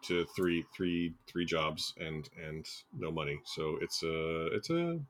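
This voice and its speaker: A man's voice: rumbling low, animated, slow pace, fairly bright tone. A man in his thirties hosting a podcast in casual chat, hesitant and self-deprecating, with lots of fillers and restarts. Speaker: podcast host.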